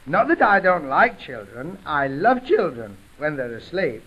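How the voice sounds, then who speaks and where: A man's voice: on the high side, sing-song, measured pace, fairly bright tone, slightly rough. A young man with a Yorkshire accent doing chatty, punchline-driven music hall patter, on a dull 1929 gramophone recording. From England. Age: 20s. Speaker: comedian. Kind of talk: music hall comic monologue.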